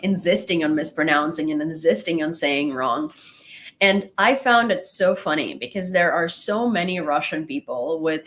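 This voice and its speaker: A young woman hosting a casual live stream, chatting and rambling as she thanks viewers and laughs along the way. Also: sits low. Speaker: live-stream host reading chat.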